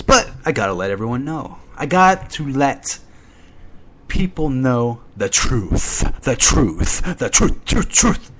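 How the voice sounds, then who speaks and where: Gossipy internet radio man, lively pitch. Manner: irreverent, gossipy, mock-dramatic asides. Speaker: internet radio show host. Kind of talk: casual rambling monologue. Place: at home during a thunderstorm.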